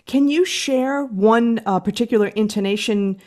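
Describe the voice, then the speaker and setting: A woman's voice: a little high, normal speed, dark tone. Chatty woman podcast host. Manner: chatty, self-correcting, enthusiastic. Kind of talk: interview questions.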